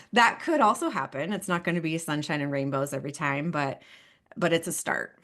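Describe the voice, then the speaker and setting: Low-voiced woman therapist, chatty and laughing. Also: lively intonation, moderate pace, a bit bright. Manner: chatty, laughs often, frequent "right?" and "you know". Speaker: couples therapist. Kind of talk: podcast interview.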